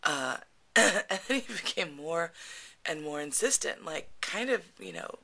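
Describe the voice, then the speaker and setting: A woman's voice: low voice, animated, a little slow, vocal fry, bright, forceful tone. A woman telling a frank personal story in a casual, chatty way, laughing often and full of fillers. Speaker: podcast storyteller.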